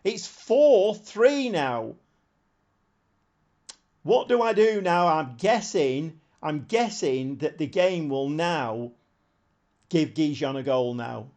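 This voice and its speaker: A man streaming a football management game, commenting live on the match and shouting at the screen when it gets exciting. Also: a little high, slow pace, long pauses. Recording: slightly dull lo-fi sound.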